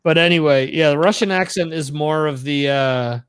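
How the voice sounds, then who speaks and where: A man co-hosting a podcast, chatting casually with frequent pauses and restarts. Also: a little high, a bit bright, clean tone, no echo. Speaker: podcast co-host. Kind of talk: casual chat about TV shows. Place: home in Spain.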